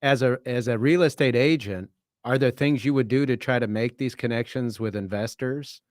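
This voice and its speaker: A man co-hosting a podcast and asking the guest long, measured questions. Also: medium pitch, no echo, clean studio sound. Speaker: podcast co-host. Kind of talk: interview questions.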